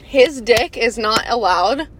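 Chatty woman podcast host, slightly high. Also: lively intonation, slow pace, fairly bright tone, breathy edge. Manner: candid, chatty, often says "y'all". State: slightly out of breath. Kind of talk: casual podcast chat.

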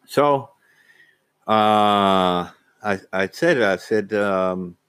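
A man telling a personal story casually, halting, with frequent restarts and repeated words. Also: lowish voice, a bit bright, smooth, no room sound. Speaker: vlogger.

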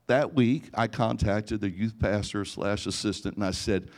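A middle-aged man, a pastor, telling a personal story in an animated sermon before a live audience, sometimes rising to near-shouting. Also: fairly low pitch, normal speed, few pauses. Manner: animated, rising to near-shouting in emotional parts, frequent restarts. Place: church or conference hall before a live audience.

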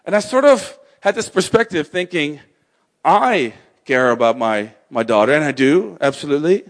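A middle-aged man speaking to an audience about faith, in a loose, conversational way. His voice sits a little high for a man. He often restarts his sentences and drops in small jokes. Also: very animated, moderate pace. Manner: conversational, self-interrupting, joking asides. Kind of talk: talk on faith and suffering.

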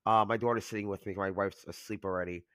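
A young man co-hosts a podcast in a casual chat, talking quickly in a lowish, steady, fairly bright voice that still cracks as he recovers from an illness. He rambles with lots of "like" and restarts, on a dry, studio-quality recording.

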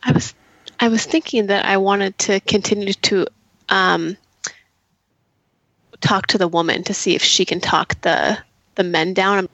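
A woman's voice: medium pitch, fairly even intonation, a little slow, long pauses, fairly bright tone, dry recording, highs cut off. A woman player talking through her moves in a tabletop role-play, hesitant with restarts. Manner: hesitant, laughing often.

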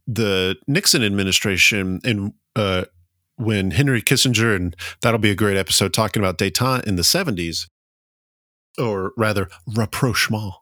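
A man's voice: on the low side, normal speed, sharp tone, no room sound, clean studio sound. A man with a Southern accent co-hosting a history podcast, explaining in a hesitant way with frequent "um"s. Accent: American Southern. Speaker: podcast co-host. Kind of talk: casual history chat.

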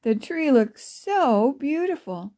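A woman voicing a kindly grandmother who talks in a gentle, encouraging way. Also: high voice, big pitch swings, takes it slowly, full character voice. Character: kindly, warm-hearted grandmother.

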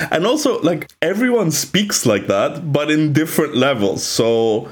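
A man's voice: a little high, very animated, normal speed, hardly any pauses. Italian guy podcasting in english, chatty and opinionated, keeps saying like. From Italy. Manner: chatty, opinionated, frequent "like" fillers. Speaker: podcast co-host. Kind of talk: casual chat.

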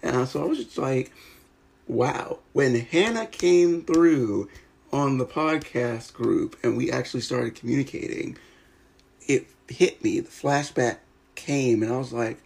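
A man's voice: mid-range voice, a little slow, vocal fry, a little mellow. An American man hosting a podcast, chatting casually and rambling with many fillers and restarts. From United States. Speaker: podcast host. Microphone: remote video call.

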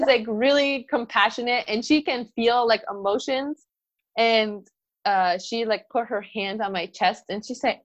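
A mother of a toddler in casual conversation, telling a story in an animated way and acting out the voices she quotes. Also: on the high side, moderate pace.

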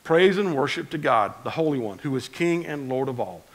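A man preaching a conversational sermon as pastor, swinging between loud emphasis and quiet asides. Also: mid-range voice, expressive, moderate pace, low-quality recording.

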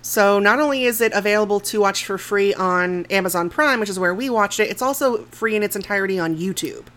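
A woman's voice: mid-range voice, brisk, a bit bright. A woman co-hosting a casual movie review podcast, talking frankly with plenty of swearing, laughing often and sometimes trailing off mid-thought. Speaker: podcast co-host.

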